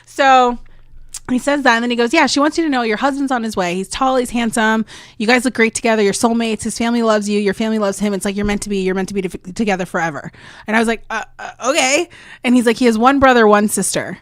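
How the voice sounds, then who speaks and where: A woman's voice: on the high side, steady tone, fast talker, dry recording. A young woman guest chatting on a podcast, telling a story with lots of "like" and acting out other people's lines. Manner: filler-heavy "like" speech. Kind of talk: casual chat storytelling.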